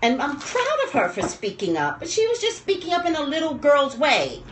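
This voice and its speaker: A woman commentating on pop culture in a rambling, emotional livestream rant, dropping low and quiet when upset. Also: wildly swooping pitch, brisk, roomy sound.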